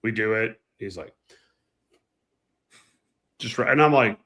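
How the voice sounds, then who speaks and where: A man chatting casually as a show co-host, telling animated flying anecdotes and acting out the people in them. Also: lowish voice, takes it slowly. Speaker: co-host, former flight instructor. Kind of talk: casual storytelling chat.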